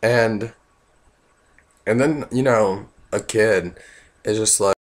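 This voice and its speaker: Hoarse man, casual comic storyteller, rambling with lots of "like". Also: on the low side, takes it slowly. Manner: rambling, full of "like" and "you know", voices in the quotes. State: hoarse, losing his voice. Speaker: vlogger.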